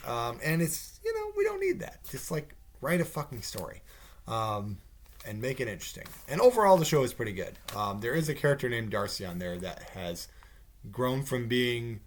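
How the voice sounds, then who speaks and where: A man's voice: medium pitch, very animated, moderate pace. A man hosting a podcast, ranting casually in a rambling way, swearing and mimicking people mockingly. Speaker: podcast host. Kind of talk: casual rant.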